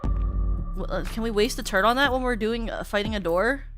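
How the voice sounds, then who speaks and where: A woman's voice: on the high side, normal speed. Chatty sniffly young woman streamer. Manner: chatty and self-mocking, bursts into excited shrieks. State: sniffly nose. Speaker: VTuber streamer. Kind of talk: casual game commentary. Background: game music.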